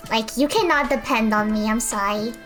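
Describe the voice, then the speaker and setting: High-voiced chatty woman streamer. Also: moderate pace, a bit bright, soft background music. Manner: chatty, self-deprecating, rambling storyteller. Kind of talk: casual stream chat while painting.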